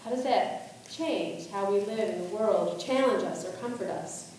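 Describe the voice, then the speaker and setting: A woman's voice: mid-range voice, a little slow, a little mellow, a little hiss or hum. A woman pastor giving a sermon, asking reflective questions and reading scripture aloud. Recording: echoey room, voice from a distance.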